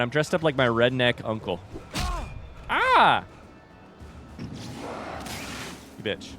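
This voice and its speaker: A man's voice: medium pitch, wildly swooping pitch, takes it slowly, long pauses, over music. A young man casually commenting on a game he is playing live, chatting with viewers, reading their messages aloud and swearing now and then. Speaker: streamer. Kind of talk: casual let's-play commentary.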